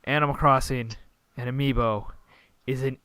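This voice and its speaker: Emphatic young man with a smooth, dry voice. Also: mid-range voice, fairly even intonation, moderate pace, sharp tone, no echo. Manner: enthusiastic, emphatic, rambling. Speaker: podcast co-host. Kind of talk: casual gaming podcast chat.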